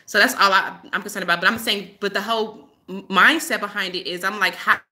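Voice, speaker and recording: A woman's voice: medium pitch, steady tone, a little fast, bright, forceful tone. A woman hosting a casual live-stream chat as a spiritual healer, rambling and laughing often as she tells stories.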